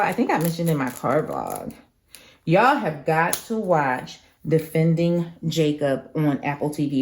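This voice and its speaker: A woman's voice: low voice, darkish tone. A young woman hosting a crafting channel, chatting casually and emphatically with lots of slang while she works.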